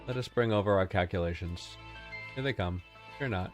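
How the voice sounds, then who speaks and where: A man's voice: low voice, normal speed, faint music behind. A man streaming a building game with friends, chatting casually and thinking aloud as he plans and mutters to himself. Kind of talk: casual live-stream chat while gaming. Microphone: desk mic with level meters.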